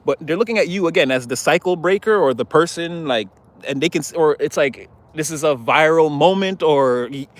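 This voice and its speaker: A man's voice: on the high side, lively intonation, brisk. A man giving a casual tarot reading in a chatty, rambling way, laughing often. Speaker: tarot reader.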